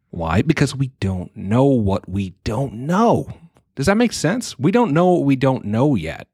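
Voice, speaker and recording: A man's voice: mid-range voice, darkish tone, slightly rough, no echo, studio quality. A man in his thirties hosting a podcast, speaking earnestly in a reflective solo monologue and thinking aloud with frequent restarts.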